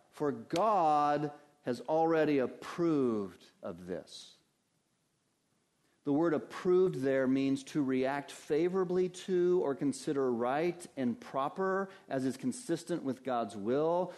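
A man's voice: animated, takes it slowly, darkish tone. Earnest male pastor preaching. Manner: earnest preaching, rising on key phrases and dropping low on closing words. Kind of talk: sermon. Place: church service.

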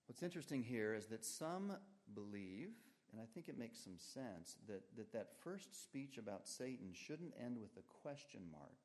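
A man preaching a sermon, reading aloud from scripture and explaining it with strong swings in pitch and loudness. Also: big pitch swings, normal speed, hardly any pauses. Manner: emphatic, rises and falls sharply in pitch and volume.

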